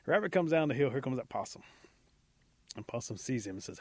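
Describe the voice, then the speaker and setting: Male folk storyteller, playful and animated, close dry recording. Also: mid-range voice, a little fast, breathy edge, no echo. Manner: lively, humorous, animated.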